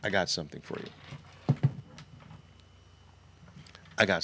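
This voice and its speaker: A middle-aged man giving an emphatic sales pitch for trading education, full of mocking rhetorical questions. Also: big pitch swings, unhurried, fairly bright tone, a little hiss or hum. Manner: mocking rhetorical questions, mimics naive traders.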